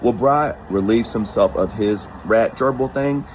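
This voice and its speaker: A man's voice: lowish voice, measured pace, a little hiss or hum, poor audio. A man telling a personal travel story casually and with animation, acting out the voices of the people in it. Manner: animated, acts out quoted voices.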